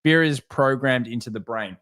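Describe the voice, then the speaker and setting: A man giving casual live market commentary, talking over charts and answering viewer chat with candid quick asides. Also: mid-range voice, a bit bright. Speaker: market analyst streamer.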